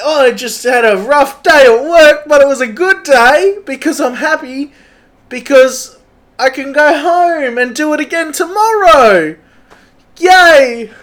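A man voicing an excitable, cheerful young Australian tradesman who rambles loudly and stammers with an Australian accent. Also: very high-pitched, voice pushed up, exaggerated voice. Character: hyped, cheerful young Aussie tradie bloke. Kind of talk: improvised comedy character.

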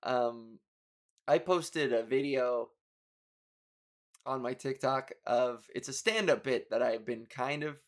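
In this casual podcast monologue, the young host speaks slowly in a mid-range voice, leaving long pauses. He wanders through a story, profane and self-deprecating, with occasional flashes of exasperation.

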